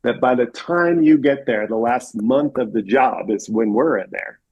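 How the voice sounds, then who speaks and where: A man's voice: medium pitch, normal speed, a little mellow, dull audio. A man guest on a podcast, chatting casually about his trade in a laid-back way and acting out his clients. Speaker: podcast guest, plaster contractor. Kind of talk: casual conversation.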